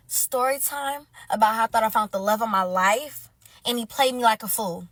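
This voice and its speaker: High-voiced woman telling a lively storytime. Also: moderate pace, no room sound. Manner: animated, slangy, talks to viewers as y'all. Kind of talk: casual storytime to camera.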